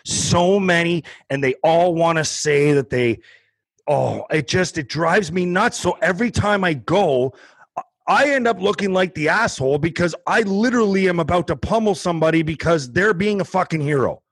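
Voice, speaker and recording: A man's voice: fairly high pitch, normal speed, no room sound. A man co-hosting a podcast in casual chat, ranting in a worked-up, profane way. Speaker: podcast co-host.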